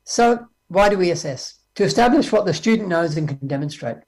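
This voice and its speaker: An Australian man giving a conference keynote on education, talking lively and acting out exchanges with teachers. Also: high voice, brisk. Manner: lively, acts out dialogues with teachers. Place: speaking remotely from Australia.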